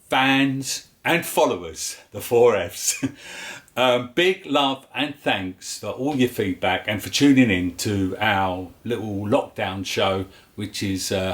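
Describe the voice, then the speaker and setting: A man with a London accent hosting a casual home cooking vlog, chatty and jokey. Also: fairly low pitch. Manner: chatty and jokey, with filler words. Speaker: cooking show host.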